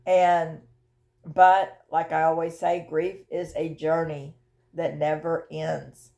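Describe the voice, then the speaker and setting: An older woman talking candidly about her grief in a personal vlog, emotional and halting, often repeating words as she searches for them. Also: low-pitched, flat delivery, creaky, warm tone. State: widowed, tearful. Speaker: vlogger sharing her grief journey.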